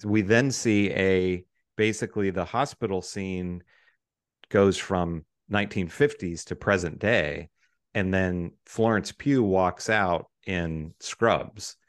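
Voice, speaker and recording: A man's voice: sits low, takes it slowly, no echo, clean studio sound. A man co-hosting a film podcast, talking casually and thinking aloud. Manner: easygoing, thinks aloud with hedges. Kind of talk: casual film review chat.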